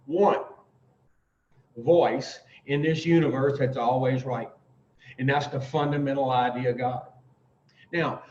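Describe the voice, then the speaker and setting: A man with a slightly high voice leads a recovery class, laying out the steps with emphatic, drawn-out pauses and plain, profane bluntness. He sounds distant from the mic, in a roomy space with a dull, lo-fi tone. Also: darkish tone, slight background noise. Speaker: recovery speaker teaching the twelve steps. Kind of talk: informal recovery talk to a group.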